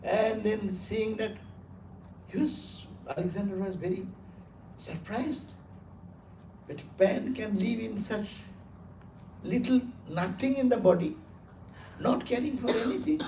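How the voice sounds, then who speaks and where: A man's voice: high voice, takes it slowly, long pauses, mellow. A man giving a sermon as a monk, speaking emphatically, repeating words for stress and laughing as he tells stories. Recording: roomy hall, distant mic, faint noise.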